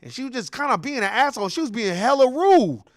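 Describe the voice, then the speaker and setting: A man's voice: very high voice, sing-song, quick pace, no room sound, clean studio sound. A man hosting a commentary show, ranting bluntly and heatedly, telling stories with acted-out quotes. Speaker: host.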